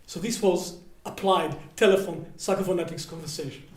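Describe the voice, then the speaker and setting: In a seminar room at a retreat house, a workshop leader with a fairly high voice tells personal stories, speaking a little fast. He animatedly acts out the dialogue, dropping low and then rising loud. The recording has a roomy echo.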